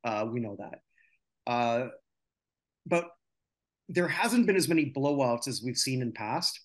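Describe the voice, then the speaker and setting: A North American man hosts a sports podcast in a mid-range, expressive voice at a measured pace. He's casual and opinionated, rambling and ranting with frequent "uh"s between points.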